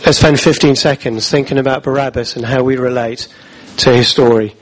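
A man telling a Bible story in the first person in a church, halting and repeating words as he speaks. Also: mid-range voice, steady tone, rough recording.

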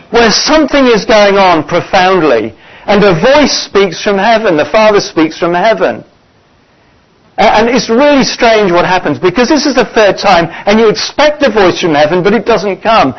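A man's voice: high-pitched, animated. Earnest preacher man, muffled recording. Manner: earnest, pausing with frequent "uh" fillers. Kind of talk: sermon. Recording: dull lo-fi recording.

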